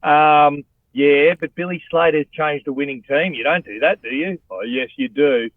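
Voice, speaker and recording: A man's voice: a little high, normal speed, dry recording. A middle-aged Australian man, a former rugby player and radio host, chatting as a guest with blokey energy and plenty of "mate". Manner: blokey, animated, says "mate" a lot. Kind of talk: casual chat over a phone line. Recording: tinny phone line.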